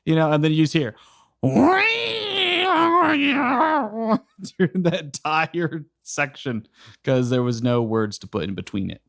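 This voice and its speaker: A young man in his twenties co-hosting a casual podcast, animated, often laughing and swearing. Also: mid-range voice, moderate pace, no room sound, clean studio sound. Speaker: podcast co-host and editor. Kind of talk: casual chat.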